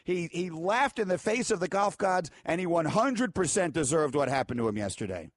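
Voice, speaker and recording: Male sports radio host, fairly high-pitched, dry studio mic, playful and preachy. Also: very animated, moderate pace, dry recording. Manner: theatrical, mock-preachy and emphatic. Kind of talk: animated sports talk radio banter. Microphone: studio microphone.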